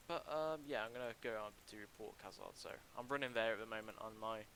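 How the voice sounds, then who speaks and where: A young man casually commenting on a livestream while building a game level, talking in a halting, chatty way with many ums and restarts into a desk mic. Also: lowish voice, bright, forceful tone, a little hiss or hum, rough recording.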